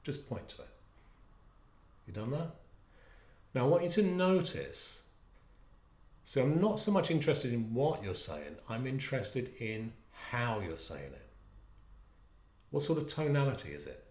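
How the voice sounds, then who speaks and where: The sound is roomy as a man with a mid-range voice takes listeners through a stress-relief exercise. He stretches his words and coaxes them along with animated energy.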